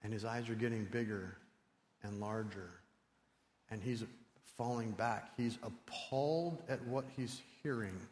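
A man's voice: on the low side, a little slow. Male preacher in a reverberant hall. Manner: animated, swinging from loud to hushed. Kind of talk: sermon. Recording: long reverb in a large hall.

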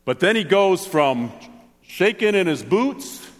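A man preaching a sermon as pastor, animated, swinging between excited exclamations and soft low asides. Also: slow pace. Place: church sanctuary. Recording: long hall reverb.

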